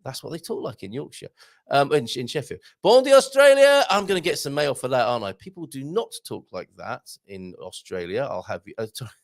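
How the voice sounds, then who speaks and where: Male host, rambling and chatty; gravelly voice, very lively intonation. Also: medium pitch, brisk. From England. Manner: rambling, self-interrupting, chatty with bursts of excitement. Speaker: host reading viewer comments. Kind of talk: casual livestream chat.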